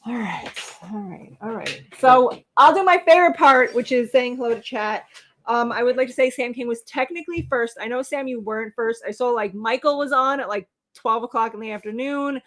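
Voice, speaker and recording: A woman's voice: a little high, brisk. A woman in her thirties co-hosting a casual livestream, teasing and rambling as she reads out viewer names, heard through a webcam. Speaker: co-host of a livestream show.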